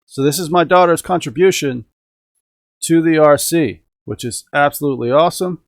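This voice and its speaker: A middle-aged man with a fairly high voice speaks at a normal speed, recorded dry. He's the host of a radio-control hobby live stream at home, keeping an easygoing, upbeat chat going with his viewers.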